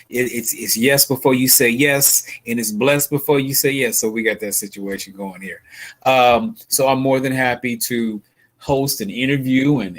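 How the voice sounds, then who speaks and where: A man hosting a casual livestream interview, folksy and full of sayings, often repeating his words as he talks. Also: medium pitch. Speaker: livestream host.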